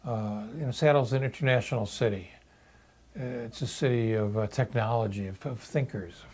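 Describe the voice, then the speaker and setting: A man in his sixties telling a personal story in a halting, reflective video monologue. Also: mid-range voice, a little mellow, husky. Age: 60s. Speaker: video blogger.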